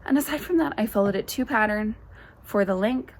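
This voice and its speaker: Speaking at a brisk clip in a medium-pitched voice, a young woman hosts a knitting podcast. She addresses the camera in a rambling, enthusiastic, casual show-and-tell packed with fillers, while birdsong drifts faintly in the background.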